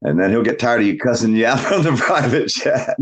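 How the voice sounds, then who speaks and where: Brief: swaggering, foul-mouthed male storyteller, casual chat, pitch rises and falls a lot. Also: brisk. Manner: profane, boastful storyteller who laughs often; lively, swinging delivery.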